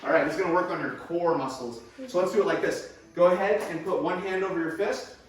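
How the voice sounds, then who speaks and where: A man leading a home workout as a fitness instructor, encouraging and quick with short praise, recorded indoors at home. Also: high-pitched. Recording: echoey room, far from the mic.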